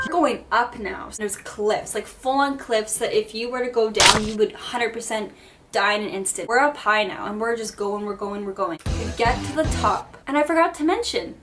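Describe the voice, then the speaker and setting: A woman vlogger telling a dramatic story time, animated and salty with swearing. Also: fairly high pitch, normal speed. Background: background music.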